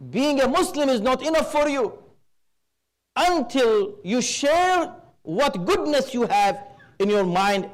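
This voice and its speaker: A man gives a religious lecture in a high voice. He speaks in a measured, emphatic way and weaves Arabic terms into his teaching. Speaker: preacher at a religious gathering. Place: Islamic center hall.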